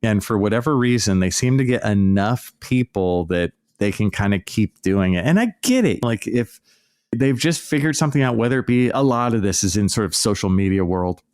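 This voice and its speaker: A man's voice: on the low side, moderate pace, darkish tone, clear, resonant tone. A man hosting a podcast, ranting in a sarcastic, mocking, exasperated way. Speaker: podcast host. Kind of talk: casual podcast rant.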